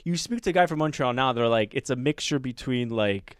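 A man's voice: medium pitch, lively intonation, a little fast, smooth, no room sound. Chatty laughing man, dry close mic. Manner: rambling, laughs often, many restarts and fillers. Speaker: podcast co-host. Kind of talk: casual chat.

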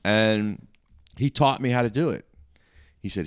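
A man's voice: fairly low pitch, animated, unhurried, long pauses. A middle-aged man, a comedian guest, telling blunt, matter-of-fact stories in casual chat.

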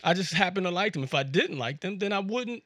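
Talking into a USB mic, this male podcast host rambles through a jokey, casual monologue heavy with fillers. His high voice is animated and sharp, slightly rough, and a little fast. The studio sound is clean, with no room sound.

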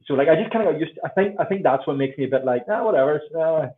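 A man in his thirties with a Northern Irish accent, a podcast guest telling stories in a lively way and acting out the voices of people he quotes. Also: on the high side, very fast. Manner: animated storyteller who acts out quoted voices. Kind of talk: casual conversation. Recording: tinny phone-like sound.

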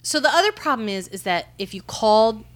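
A woman's voice: a little high, animated, a little fast, no echo. A woman telling candid, profane stories in casual podcast chat, packed with "like" fillers. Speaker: storyteller on a podcast panel.

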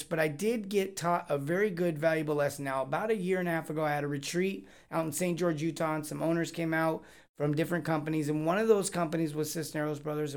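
A man hosting a live Q&A podcast, joking and rambling with lots of energy. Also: fairly high pitch. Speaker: podcast host. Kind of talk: casual live Q&A chat.

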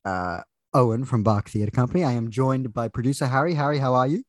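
A man's voice: mid-range voice, fairly quick, no echo, studio quality. A man hosting a podcast, joking and stumbling over restarts in casual chat. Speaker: podcast host.

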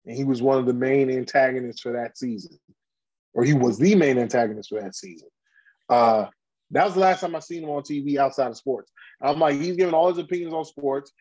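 A man's voice: mid-range voice, a little fast, darkish tone, highs cut off. A man hosting a casual podcast chat, ranting bluntly and heatedly in slang with many restarts. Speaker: podcast host.

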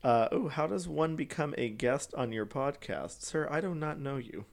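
A man's voice: fairly high pitch, moderate pace, vocal fry. Giggly guy hosting a podcast, voice bounces around, chatty. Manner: giggly, animated, laughs often. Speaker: podcast host. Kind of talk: casual chat.

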